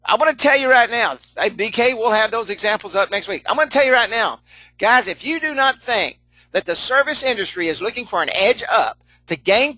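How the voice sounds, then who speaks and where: Folksy, bright-voiced man leading a webinar. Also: high voice, no room sound, low-quality recording. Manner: folksy, chatty, talks back to chat comments; laughs often, repeats himself. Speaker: online trainer. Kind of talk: live webinar training.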